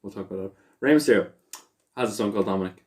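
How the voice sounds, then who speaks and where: A young man co-hosting a podcast in casual chat, teasing his friend and quick to call him out. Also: lowish voice, darkish tone. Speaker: podcast co-host.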